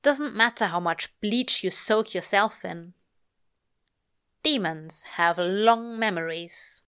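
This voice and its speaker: A woman narrating a piece of fiction, lingering over each line. Her delivery is slow and lyrical, at a middle pitch. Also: fairly bright tone, clean tone. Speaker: reader. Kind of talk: audiobook-style fiction reading.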